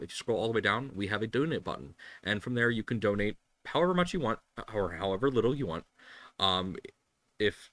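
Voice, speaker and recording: A man building a 3D printer hosts a casual live stream from his home workshop, sometimes tearful as he rambles through fillers and restarts. His low, slightly bright voice is captured in a dry recording.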